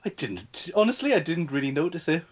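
A man on a film podcast, speaking in a relaxed and hesitant way with many fillers. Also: a little high, brisk. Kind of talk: casual film discussion.

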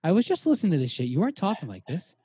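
A man's voice: fairly high pitch, wildly swooping pitch, rapid-fire, warm tone, breathy edge, dry recording, clean studio sound, full character voice. A man putting on a profane, swaggering Boston tough-guy impression with a put-on Boston accent. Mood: belligerent. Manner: swaggering, profane, aggressive street talk.

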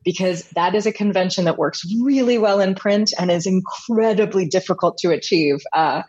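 A woman's voice: medium pitch, normal speed, darkish tone, lo-fi sound. A woman audiobook narrator being interviewed, talking about her craft in an articulate, thoughtful way. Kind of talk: podcast interview.

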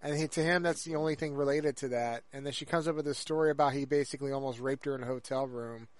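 A man's voice: mid-range voice, steady tone, fast talker, no room sound. Rambling podcast man, dry close sound. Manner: rambling, many fillers and restarts. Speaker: podcast co-host. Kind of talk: casual chat.

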